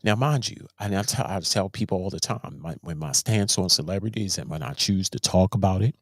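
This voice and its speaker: A man's voice: low-pitched, animated, brisk, no room sound, clean studio sound. A man hosting a show, giving casual commentary in an emphatic way, often repeating and restarting his words. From Baltimore, USA. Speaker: host.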